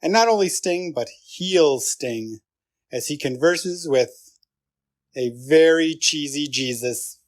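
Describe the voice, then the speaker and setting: A man sends in a recorded listener message and delivers it with emphasis and enthusiasm. He speaks slowly, and his voice is slightly high. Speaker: listener sending in a pick.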